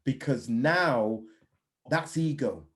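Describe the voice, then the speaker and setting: A man's voice: medium pitch, slow. A man, a mindset coach speaking bluntly and animatedly in a casual interview. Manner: blunt, animated storytelling with swearing.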